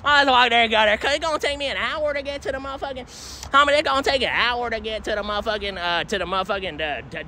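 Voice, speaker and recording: A man's voice: high voice, bright, forceful tone. Rambling young man streaming from a city street. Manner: rambling slangy talk, heavy swearing, frequent "I don't know, homie". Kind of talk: casual live-stream vlog. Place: outdoors on city streets and a train station. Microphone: phone held while walking. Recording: faint street noise from outside.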